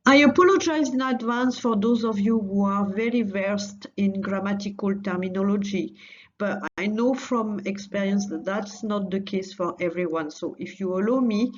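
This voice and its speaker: A woman's voice: mid-range voice, a little mellow, lo-fi sound. A woman teaching a recorded language lesson, patiently repeating phrases for learners.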